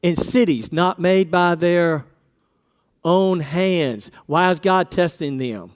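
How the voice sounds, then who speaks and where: A man's voice: high voice, slow, clean tone. A man preaching a casual sermon, asking his congregation questions and acting out quoted voices.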